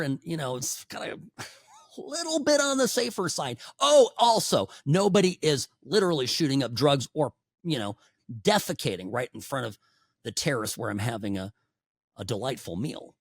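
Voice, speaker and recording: Male talk radio host, middle-aged, opinionated monologue; lively pitch swings, loud bursts and low asides, dry studio mic. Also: normal speed, no room sound. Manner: animated, sarcastic, swings between loud outbursts and low asides.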